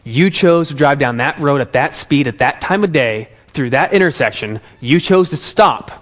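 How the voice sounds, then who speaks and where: A steady, no-nonsense father, as a man plays him, firm and measured in every word. The voice stays close to the speaker's own and somewhat higher than most men's. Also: natural voice. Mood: stern. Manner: firm, measured, matter-of-fact. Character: calm, stern middle-aged father.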